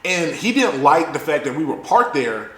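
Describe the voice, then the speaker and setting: Animated high-voiced man telling a story. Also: reverberant, slight background noise. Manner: animated, profane, fast-talking storyteller. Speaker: podcast co-host. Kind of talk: casual storytelling chat.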